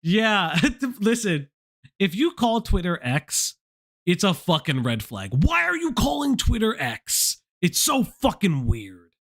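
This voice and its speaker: This American stream host has a high voice and speaks slowly in a casual livestream chat. Animated and foul-mouthed, he frequently stumbles and starts his sentences over.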